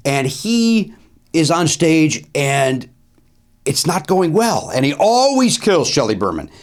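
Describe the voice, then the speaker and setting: A male comedian host tells a casual anecdote with animated delivery, repeating phrases and scattering lots of "uh" fillers. His voice is a little high, and he speaks at a slow pace.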